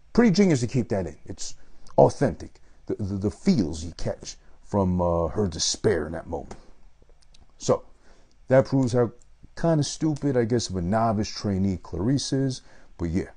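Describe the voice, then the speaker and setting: A man's voice: low voice, mellow, breathy edge. A man giving a rambling, profane, casual monologue about a movie he loves. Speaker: movie reviewer.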